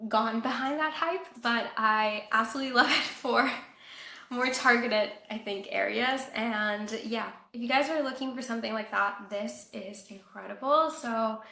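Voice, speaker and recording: Chatty young woman with a bright, gravelly voice. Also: a little high, moderate pace. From Colombia. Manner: chatty, says "like" often. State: recovering from a cold, a bit nasal. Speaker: beauty vlogger. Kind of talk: casual product review. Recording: echoey room.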